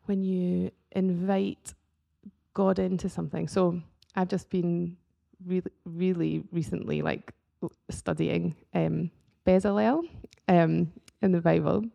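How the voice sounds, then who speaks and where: A woman artist, appearing as a guest, talks casually about faith and creativity. Her voice is soft and gravelly, lowish in pitch, and she speaks slowly.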